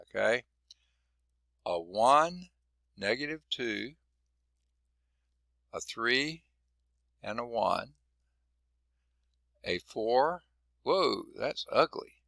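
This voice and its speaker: A man's voice: medium pitch, animated, very slow, gravelly, pauses often, fairly bright tone, no echo. A man teaching a math class in a folksy, chatty way, quizzing students and noting he is losing his voice. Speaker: math instructor. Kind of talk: classroom lecture.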